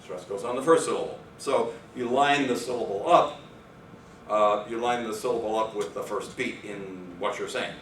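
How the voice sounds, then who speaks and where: This lecturer has a fairly low, slightly bright voice and talks at a normal pace about language and rhythm, using fillers and correcting himself now and then as he thinks aloud. A faint hiss or hum is present. The recording comes from a distance in a reverberant lecture room.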